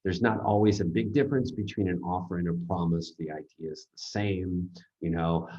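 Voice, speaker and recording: A man teaching a grammar seminar, explaining with halting, rambling sentences full of restarts and fillers. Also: low voice, fairly even intonation, mellow, highs cut off. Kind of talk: recorded grammar seminar lecture.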